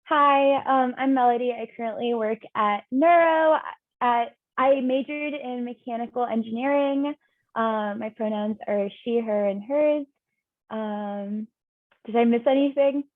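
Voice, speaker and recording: A woman's voice: a little high, measured pace. A young woman speaking as a panelist over a video call, eager and often saying "like". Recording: tinny phone-like video call audio.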